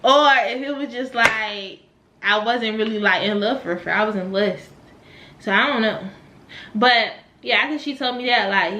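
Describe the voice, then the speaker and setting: A young woman from Virginia vlogging a casual story, animated, swearing and laughing as she talks. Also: fairly high pitch, moderate pace. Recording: echoey room.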